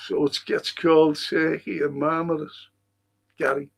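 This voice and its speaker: A Liverpool man with a gravelly edge and a fairly high voice rambles through stories and viewer comments. He swears freely, laughs at his own tales, and talks in a loose, casual stream-host way. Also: level tone, moderate pace. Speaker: host of a fan live stream.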